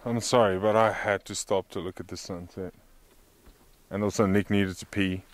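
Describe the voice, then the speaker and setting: A young man chatting casually to his camera for a travel vlog at an outdoor bush campsite, joking and relaxed as he narrates. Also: low voice, moderate pace, slight background noise. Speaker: vlogger.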